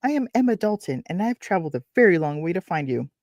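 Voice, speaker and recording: A woman voicing an earnest young heroine in a storybook reading, in a bright, pleading tone. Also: on the low side, big pitch swings, fast, no echo, clean studio sound. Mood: tearful.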